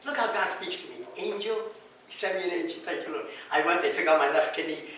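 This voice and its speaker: A man's voice: sits high, fast, slight background noise. Older man telling his testimony animatedly. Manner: animated storytelling, acts out dialogue with sound effects. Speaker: pastor giving testimony. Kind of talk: personal testimony storytelling. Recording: echoey room from far off.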